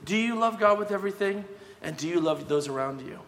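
A man preaching a sermon as pastor, talking conversationally and emphatically, often checking in with a quick "yeah?". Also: high voice, lively intonation, a bit bright. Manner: conversational, emphatic, tag questions. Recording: long hall reverb.

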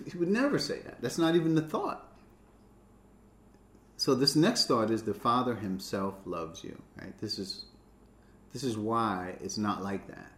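A man's voice: mid-range voice, echoey room. A man preaching a sermon, stressing key words by rising and dropping his voice.

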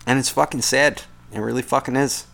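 A man in the middle of a podcast rant, cursing freely and complaining as he goes. His talk wanders from point to point in an unscripted, off-the-cuff monologue at an everyday pitch. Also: fairly even intonation, fairly quick, gravelly, fairly bright tone. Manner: profane, rambling, complaining. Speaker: podcast host. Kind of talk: casual ranting monologue.

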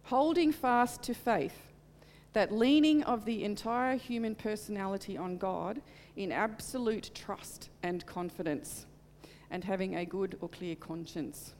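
A middle-aged woman gives an earnest, heartfelt testimony and sermon. Her voice carries a gravelly fry. It rings out with a long hall reverb over a faint hum. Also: medium pitch, a little slow, a little mellow. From Australia. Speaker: church speaker.

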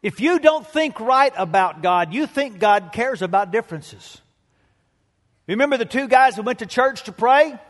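A male pastor preaching a sermon with emphatic delivery and dramatic pauses, telling stories to the congregation. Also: very high-pitched, animated, in a large hall.

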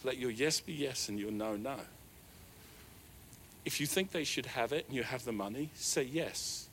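A middle-aged man with a New Zealand accent, preaching a sermon in a church hall. He tells a personal story in an animated, self-deprecating way. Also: mid-range voice, moderate pace, slight background noise. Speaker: pastor.

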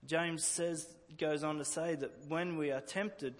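A man's voice: fairly high pitch, fairly even intonation, slow pace, big-room sound. A man preaching a sermon earnestly, often repeating words as he restarts a phrase. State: emotional at times.

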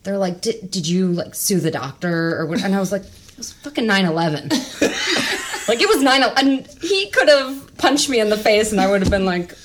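A woman in her thirties telling a personal story on a podcast, animated and laughing, swearing freely and acting out what people said. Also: mid-range voice, moderate pace. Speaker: storyteller guest.

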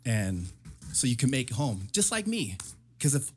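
A man's voice: mid-range voice, big pitch swings, moderate pace. A middle-aged man in casual talk, earnestly repeating advice to get home safely. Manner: earnest, repetitive, advising.

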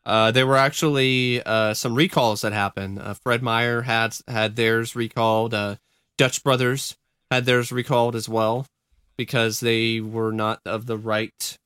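Man, podcast co-host, casual joking ramble, bright clear voice, dry close recording. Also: mid-range voice, little pitch movement, unhurried, dry recording. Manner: rambling, joking, swears, trails off looking for words. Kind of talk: casual chat.

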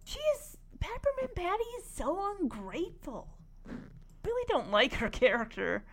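A woman's voice: sits high, huge pitch swings, moderate pace, background noise. A woman casually retelling a cartoon story in a chatty, opinionated way, full of asides. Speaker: cartoon recapper.

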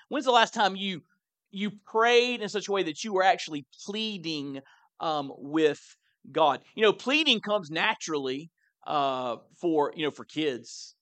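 A man's voice: sits high, a little slow, fairly bright tone, no echo. Conversational preaching man, dry sound. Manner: conversational, repeats words when emphasizing. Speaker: pastor. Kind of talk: sermon.

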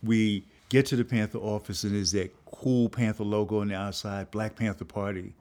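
A man's voice: steady tone, normal speed, darkish tone. An older man, a filmmaker and professor, telling a story and acting out the voices of people in it. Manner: acts out voices of people in his story, jumping high in pitch. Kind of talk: animated storytelling.

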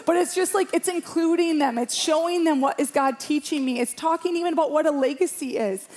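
A woman's voice: high voice, fairly quick, darkish tone. A woman around forty, a pastor, preaching a sermon to a church congregation in a passionate, emphatic way, repeating phrases for rhythm.

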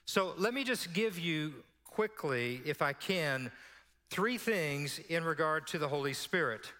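Pastor preaching, bright ringing voice, kinda high, long hall echo. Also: male voice, unhurried. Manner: storytelling, animated, drops to a hush for quoted prayer. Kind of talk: sermon.

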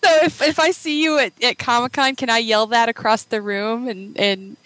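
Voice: mid-range voice, fairly even intonation, moderate pace, bright, forceful tone, dry recording, rough recording. A radio host reacting to a guest's story with frequent laughter and eager questions. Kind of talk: casual chat.

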